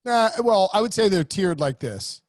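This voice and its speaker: Man, high voice, podcast co-host, rambling, joking, dry close sound. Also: lively intonation, moderate pace, no echo. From United States. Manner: rambling, joking, with playful put-on announcer bits. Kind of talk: casual chat.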